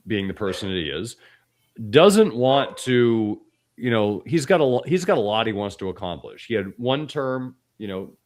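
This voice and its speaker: A man hosting a podcast, hoarse from a cold, talking bluntly and with opinion, often restarting his sentences. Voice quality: extra deep voice. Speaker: podcast host. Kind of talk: casual podcast commentary.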